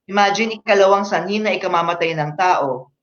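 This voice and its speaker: A man with a Filipino accent giving an online happiness workshop, earnestly explaining research and pausing with fillers. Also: high-pitched, a bit bright, roomy sound. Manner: earnest, reads research aloud, frequent fillers. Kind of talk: online workshop talk mixing English and Tagalog. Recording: slightly dull lo-fi audio.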